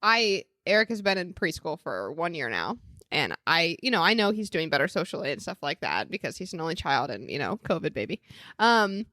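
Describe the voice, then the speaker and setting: A woman's voice: low voice, very animated, brisk, bright, forceful tone, no room sound. A young woman, a podcast guest, telling stories animatedly and acting out quotes. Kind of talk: casual storytelling.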